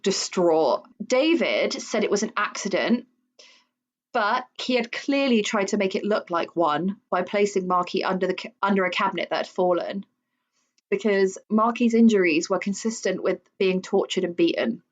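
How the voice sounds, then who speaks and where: A woman's voice: medium pitch, moderate pace, lo-fi sound. A woman co-hosting a casual true crime podcast, talking in a chatty way with fillers. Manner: chatty, with frequent fillers and laughs. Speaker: podcast co-host.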